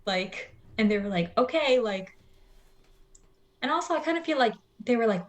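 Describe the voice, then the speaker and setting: A woman's voice: fairly high pitch, expressive, normal speed. A young woman co-hosting a podcast in casual chat, dry and teasing, chiming in to finish the stories and then telling one of her own. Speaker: podcast co-host.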